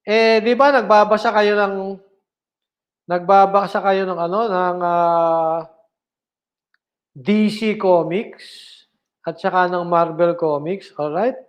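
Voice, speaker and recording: A man's voice: high-pitched, fairly even intonation, slow, long pauses, lo-fi sound. A man with a Filipino accent giving a philosophy lecture, mixing English and Tagalog, asking the class questions, answering them himself and repeating key points.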